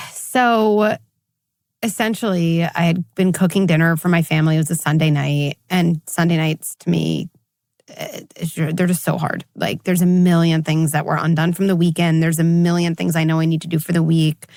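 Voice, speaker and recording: A middle-aged woman psychologist giving candid interview answers, animated when she acts out what others say. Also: fairly low pitch, moderate pace, dry recording, clean studio sound. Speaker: psychologist guest.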